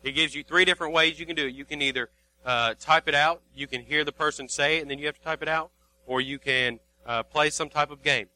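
Earnest bright-voiced male preacher. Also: on the high side, poor audio. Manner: earnest, repeats phrases, quotes King James scripture. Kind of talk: sermon.

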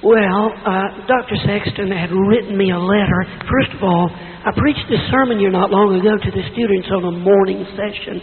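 Man, hoarse preacher, folksy sermon, long church reverb, phone-like sound with hiss. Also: high-pitched, normal speed, few pauses. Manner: folksy storytelling, self-deprecating asides. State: hoarse, weak voice. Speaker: visiting preacher. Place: church sanctuary. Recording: tinny echoey church recording with hiss.

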